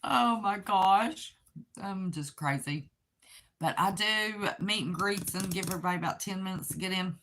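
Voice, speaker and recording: A woman's voice: fairly low pitch, a little fast, pushed and bright, slight background noise. A tired, chatty middle-aged woman from Southern West Virginia with her own accent, rambling through a casual livestream and reading viewer comments aloud. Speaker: livestream host.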